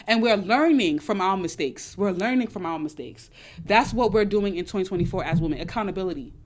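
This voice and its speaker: A young woman hosting a casual chat, answering audience questions on dating in an emphatic, preachy way and repeating her points. She talks a little loud and excited. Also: medium pitch, fairly quick. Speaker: dating advice host.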